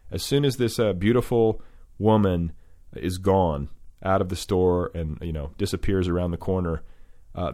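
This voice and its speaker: A man's voice: sits low, darkish tone, no echo, studio quality. A man hosting a podcast, telling a long rambling story full of fillers and restarts, then introducing his guest. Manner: rambling, filler-heavy, self-correcting. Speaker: podcast host. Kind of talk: storytelling monologue.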